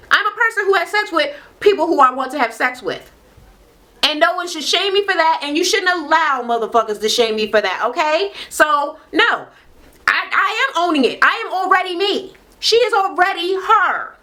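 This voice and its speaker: A woman's voice: high-pitched, bright, forceful tone. A young woman, recapping a reality show in blunt, sassy, heavily profane casual talk. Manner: blunt, sassy, heavy swearing. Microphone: on-camera mic.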